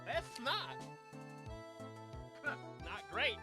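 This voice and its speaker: A woman's voice: sits high, sing-song, drawn-out words, music in the background. A woman streaming a game playthrough, commenting with laughing asides and swearing.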